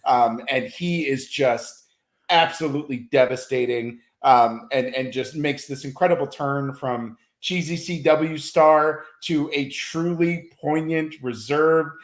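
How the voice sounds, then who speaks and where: A man who is a film critic, giving his picks in a casual chat, thoughtful and full of ums and restarts. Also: mid-range voice. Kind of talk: casual awards-preview chat. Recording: roomy echo.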